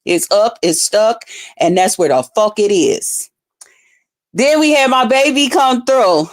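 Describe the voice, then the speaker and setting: A woman vlogger giving casual, heavily profane commentary, bursting into loud excited outbursts. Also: on the high side, unhurried. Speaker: vlogger reviewing a livestream contest.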